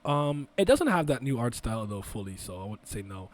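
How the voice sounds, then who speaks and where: A man's voice: medium pitch, sing-song, a little fast. A young man co-hosting a casual podcast, rambling through restarts and swearing freely as he chats. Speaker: podcast co-host. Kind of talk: casual chat.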